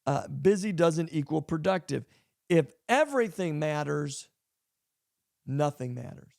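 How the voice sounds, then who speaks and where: A pastor hosts a casual podcast and talks about leadership in a high, gravelly voice. He drives his points home with emphasis and repeats key lines. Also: expressive, measured pace, darkish tone.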